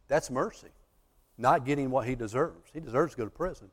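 A man preaching a sermon, telling a story and acting out the judge and the accused, building to loud, emphatic peaks. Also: mid-range voice, brisk, in a large hall.

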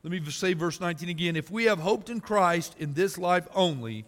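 Pastor, male, high bright voice, folksy and emphatic, big church reverb. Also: animated, moderate pace. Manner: folksy storytelling preacher, rises to loud emphasis. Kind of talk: sermon. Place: church sanctuary. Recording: reverberant hall.

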